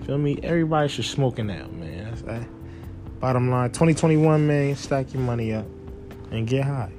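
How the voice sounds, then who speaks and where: A young man hosting a casual talk show, telling loose, profane stories in a relaxed way that breaks into loud, animated outbursts. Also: mid-range voice, normal speed, soft background music. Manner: relaxed, laid-back while smoking. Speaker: podcast host. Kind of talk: casual storytelling monologue.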